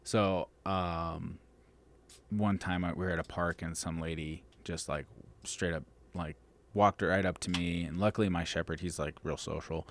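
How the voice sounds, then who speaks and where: A man's voice: sits low, fairly even intonation, normal speed, a little hiss or hum. A man talking as a dog trainer and podcast guest in casual chat, blunt and emphatic, swearing freely.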